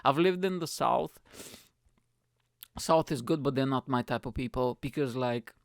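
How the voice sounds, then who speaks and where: A man hosting his own podcast in a loud, energetic comedic rant, swearing freely and rambling from thought to thought. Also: medium pitch, unhurried, vocal fry, no room sound, studio quality. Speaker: podcast host. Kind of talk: ranting comedic monologue.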